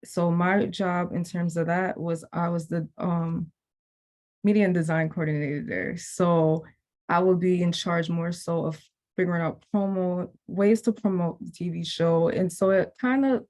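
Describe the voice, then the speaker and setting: A woman's voice: lowish voice, fairly even intonation, normal speed, a little mellow. A young woman, a program graduate, talking casually on a video call and rambling with many fillers and restarts.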